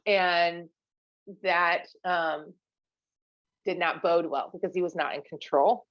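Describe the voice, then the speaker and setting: A woman's voice: fairly low pitch, steady tone, takes it slowly, no room sound, dull audio. A woman guest on a podcast telling her own story in a candid, casual way, with many fillers and restarts as she quotes the people around her.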